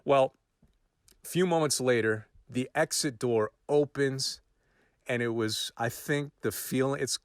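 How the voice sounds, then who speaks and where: Man storyteller, lively and self-mocking, dry close recording, average pitch. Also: a little slow, no echo. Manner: animated, self-mocking, rising excitement at key moments. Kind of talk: personal storytelling.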